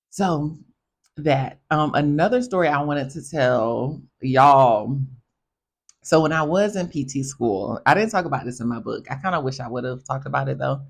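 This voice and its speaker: A young woman hosting a podcast, telling casual stories in a chatty, animated way and talking straight to her listeners. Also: a bass voice, normal speed. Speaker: podcast host. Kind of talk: casual storytelling monologue.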